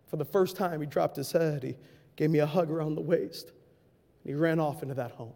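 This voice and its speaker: Preacher guy telling a story, high voice, big hall echo, gets loud then soft. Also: normal speed, vocal fry. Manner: impassioned, swings from shouting to hushed. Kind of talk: sermon illustration story. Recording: long hall reverb.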